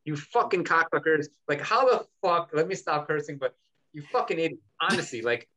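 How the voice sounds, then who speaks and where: A man's voice: a little high, lively intonation, brisk, bright, forceful tone, lo-fi sound. A man hosting a podcast who rants in heated, emphatic talk and swears a lot. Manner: profane, ranting, emphatic. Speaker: podcast host.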